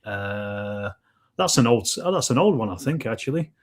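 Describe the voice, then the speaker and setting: Rambling man with halting speech. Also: on the low side, expressive. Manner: rambling, hesitant, many restarts. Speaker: podcast co-host. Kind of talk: casual chat.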